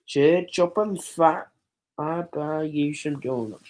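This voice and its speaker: A woman hosts a goofy livestream, talking slowly and drawing out her words. She jokes, plays at being outraged and calls out to the chat, speaking into a stream call mic. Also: low voice, background noise. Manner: joking, mock-outraged, addresses chat. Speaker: livestream host.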